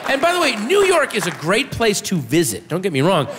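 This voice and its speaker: Guy doing standup, high swooping voice, yells the punchlines, echoey club with a faint crowd. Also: brisk, a little hiss or hum. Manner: animated storytelling, shouts the punchlines. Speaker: stand-up comedian. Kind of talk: stand-up comedy set. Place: comedy club stage with audience. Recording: reverberant room with faint audience.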